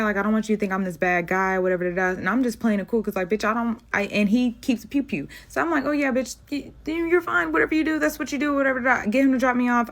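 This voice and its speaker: A young woman telling a storytime monologue in a blunt, animated and heavily profane way. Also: on the low side.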